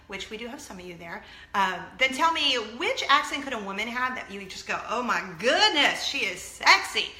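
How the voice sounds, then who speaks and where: Gushy lady vlogging, bright sharp voice in an echoey room. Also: mid-range voice. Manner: bubbly, gushing, talks to viewers directly. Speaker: vlog host. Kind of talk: chatty solo vlog.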